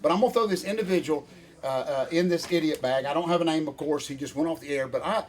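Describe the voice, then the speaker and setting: An older man, ranting in a folksy, animated way as co-host of a casual chat. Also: a little high, quick pace, a little hiss or hum. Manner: folksy, animated rant with Southern phrasing.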